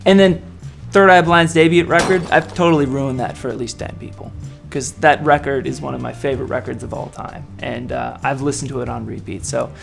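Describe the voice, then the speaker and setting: A man's voice: medium pitch, a little fast, gravelly, music in the background. A man, a band frontman, answering interview questions casually and in a playful, self-mocking way.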